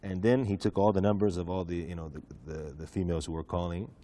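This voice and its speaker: A man from the United States telling a personal story in a relaxed, chatty interview, with many asides and restarts. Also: low-pitched, fast talker. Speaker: guest preacher telling his conversion story.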